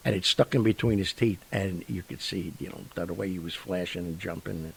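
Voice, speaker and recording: A man hosting a show, telling stories in a rambling, animated way with lots of fillers and sound effects. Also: low-pitched, fairly quick, vocal fry, hardly any pauses, a little hiss or hum, poor audio. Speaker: radio show host. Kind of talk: casual storytelling monologue.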